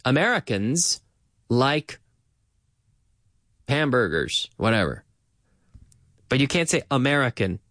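A man hosting a bilingual English lesson for Spanish speakers, repeating phrases slowly for learners and mixing in Spanish words. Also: mid-range voice, big pitch swings, fairly bright tone, no room sound, studio quality. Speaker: language teacher and podcast host.

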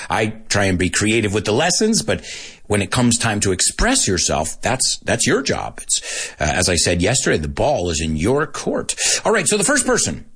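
Male podcast teacher, husky, very animated pitch, laughs a lot. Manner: animated, sings snippets and switches into Spanish; laughs often. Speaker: English teacher podcast host. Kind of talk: casual podcast lesson.

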